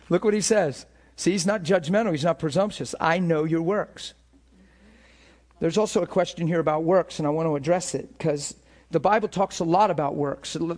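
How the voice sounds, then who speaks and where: A man preaching a conversational sermon as a pastor, animated, acting out imagined thoughts in a hushed voice and laughing between points. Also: a little high.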